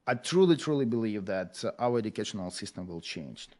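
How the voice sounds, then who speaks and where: A man from Ukraine with a Ukrainian accent, speaking English as a second language, talking earnestly and haltingly with many fillers as an interview guest. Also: on the low side, animated, mellow. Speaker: podcast guest, agriculture educator. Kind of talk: emotional interview talk.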